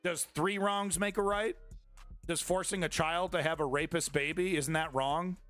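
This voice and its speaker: Man, live news commentator, sarcastic, indignant, sharp edgy voice, faint background music. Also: a little high, fairly even intonation, moderate pace, clean tone, dry recording. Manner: sarcastic, indignant, swearing freely.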